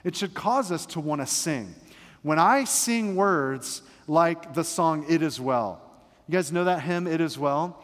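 Male pastor, fervent and emphatic, fairly high voice, big-hall reverb. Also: expressive, a little slow, a bit bright. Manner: fervent, emphatic preaching with humorous asides. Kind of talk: sermon. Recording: long reverb of a large hall.

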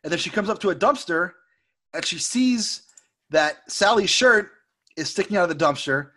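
A man co-hosting a podcast, recapping a film in a casual, jokey way and slipping into squeaky impressions. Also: moderate pace. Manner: animated storyteller who puts on squeaky impressions; jokey, laughs often. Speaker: podcast co-host.

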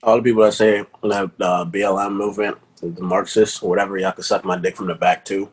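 Husky low-voiced man, blunt. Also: flat delivery, a little fast, low-quality recording. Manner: crude, blunt interjections. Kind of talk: casual chat.

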